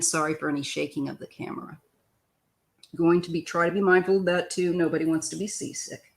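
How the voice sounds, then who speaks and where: Older woman, Missouri-born tarot reader, live-stream style: loose, chatty, throat-clearing. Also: lowish voice.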